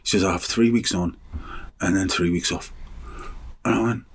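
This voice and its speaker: A man's voice: low voice, fairly even intonation, moderate pace, husky. A middle-aged man, a podcast guest, telling travel stories in a rambling, laughing way with lots of restarts. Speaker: podcast guest, TV cook and biker. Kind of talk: casual anecdote telling.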